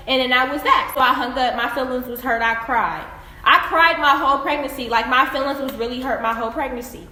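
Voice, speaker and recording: A woman's voice: sits high, brisk. Young woman vlogger, blunt and profane, phone recording in an echoey room. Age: young adult. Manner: blunt, profane, animated retelling. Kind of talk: casual storytelling vlog.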